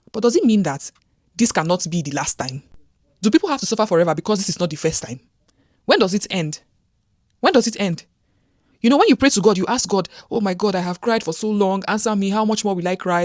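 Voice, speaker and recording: A woman's voice: on the low side, a little mellow, no echo. Insistent woman commentator, dry sound. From Nigeria. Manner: earnest, insistent, rhetorical questions. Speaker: commentator host. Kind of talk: opinion commentary.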